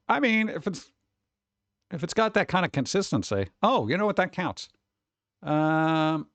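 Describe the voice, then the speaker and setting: A man's voice: a little high, dry recording. A man chatting casually on a live stream, rambling, swearing freely and often laughing.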